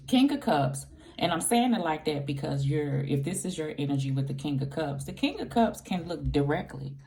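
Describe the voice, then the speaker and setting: A woman with a very low voice and a gravelly edge talks through a tarot reading for her viewers. She speaks in a loose, conversational way, circling back on her own phrases and dropping in slang. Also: mellow, slight background noise. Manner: loose and conversational, repeats herself, uses slang. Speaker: tarot reader. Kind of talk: casual tarot reading to camera.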